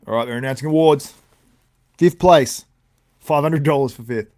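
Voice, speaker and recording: A man's voice: medium pitch, moderate pace, pauses often, darkish tone, soft background music. A man hosting a live stream, with a tired, sore voice, chatting casually and commenting as it happens. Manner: chatty, reacts to chat with laughs. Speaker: livestream host.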